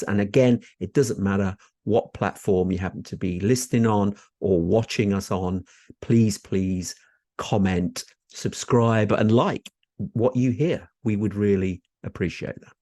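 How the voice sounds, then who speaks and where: A man's voice: on the low side, darkish tone, no room sound, clean studio sound. Chatty, laughing male podcast host. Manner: laughs often, upbeat and chatty. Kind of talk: casual chat.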